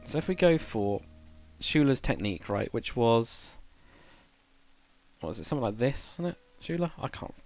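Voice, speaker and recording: A man's voice: mid-range voice, sing-song, normal speed, darkish tone, faint music behind. A man casually chatting on a game livestream, thinking aloud while building and answering chat. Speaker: game streamer.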